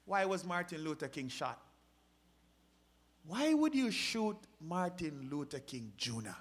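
A man preaching a sermon, asking rhetorical questions and swinging from loud, impassioned rises to quiet drops. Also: on the high side, very animated, measured pace, husky. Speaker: pastor.

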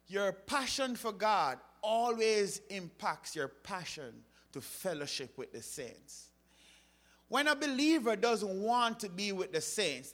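A man preaching a sermon, rising to loud emphatic appeals and then dropping low.

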